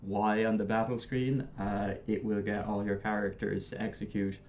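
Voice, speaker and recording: A man's voice: on the low side, level tone, moderate pace, darkish tone, slight background noise. A man on a casual group podcast, explaining things easily with a few fillers. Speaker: podcast guest.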